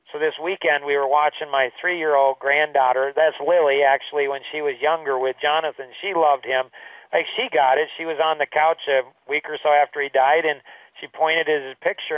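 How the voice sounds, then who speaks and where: A man's voice: a little high, fairly bright tone, no echo, recorded from a distance, rough recording. A man in his fifties, a grandfather, teaching a course by telling a painful personal story in an earnest, emotional way with many fillers.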